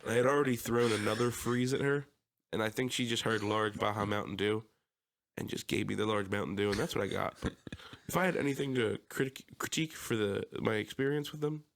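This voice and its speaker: A young man from the Philadelphia area with a local accent, telling a story on a podcast in animated, profane casual chat. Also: on the low side, fairly quick, gravelly. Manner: animated, swears, acts out quotes loudly. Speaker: podcast co-host.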